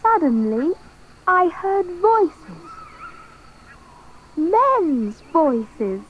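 High-voiced, slow woman narrator. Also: very animated, dull audio, a little hiss or hum. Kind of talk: scripted first-person narration.

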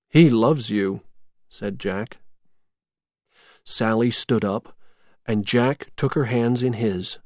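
A man reading a children's storybook aloud as narrator, in a slow, expressive read-aloud manner. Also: mid-range voice, dry recording, studio quality.

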